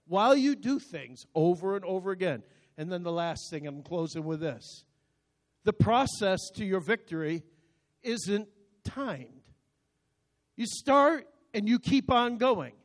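A man in his sixties preaching a sermon as pastor, speaking emphatically with sudden swings between loud and soft, and often repeating words as he starts a phrase. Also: high voice, lively intonation, unhurried. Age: 60s.

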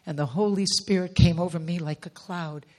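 Middle-aged woman preacher, husky and breathy, intense emotional testimony that dips to hushed whispers. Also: lowish voice, fairly even intonation, normal speed. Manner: intense, drops to near whispers.

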